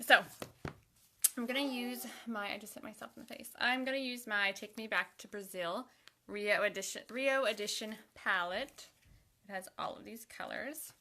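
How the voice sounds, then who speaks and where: A woman's voice: mid-range voice, sharp tone. A young woman chatting casually to herself while doing her makeup for a vlog, sometimes dropping to a half-whisper. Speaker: makeup vlogger.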